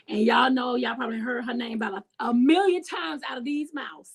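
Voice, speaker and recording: A woman's voice: on the high side, fast, few pauses, breathy edge, poor audio. A woman hosting a talk show over a video call, bubbly and effusive, talking straight to her listeners. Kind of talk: enthusiastic video-call interview.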